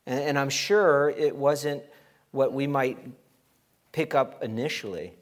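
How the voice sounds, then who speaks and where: A middle-aged man preaching a sermon as pastor, animated and emphatic, acting out quoted voices. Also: mid-range voice, takes it slowly.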